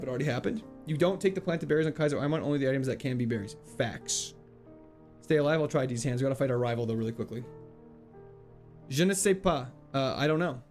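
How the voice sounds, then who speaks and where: A man with a mid-range, darkish-toned voice streams a video game live, casually and playfully reading out chat and laughing frequently.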